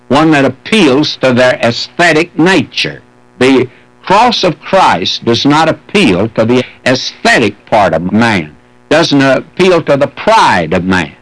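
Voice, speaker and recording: Slow, earnest preacher on old radio. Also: male voice, medium pitch, rough recording. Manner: earnest preaching with folksy asides and scripture reading. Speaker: radio Bible teacher. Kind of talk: sermon.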